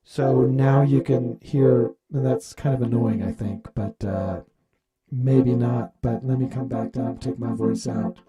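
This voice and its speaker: A man's voice: mid-range voice, fairly even intonation, unhurried, over loud music. A man showing off his home basement studio gear, rambling and thinking aloud with lots of fillers. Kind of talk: casual gear demo. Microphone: main studio mic.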